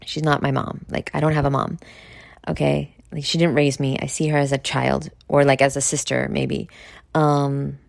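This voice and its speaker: Her voice rumbles low and gravelly, with little pitch movement, at a normal speed. This New York podcast host, accent intact, gives a blunt, profane, rambling casual monologue punctuated by near-whispered asides, recorded dry with clean studio sound.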